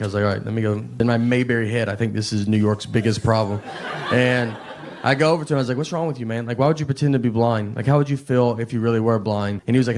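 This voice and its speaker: Deadpan Southern stand-up comedian. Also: male voice, medium pitch, noisy background. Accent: Southern American. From Tennessee. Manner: slow deadpan storytelling. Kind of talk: stand-up routine. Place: comedy club stage with laughing audience.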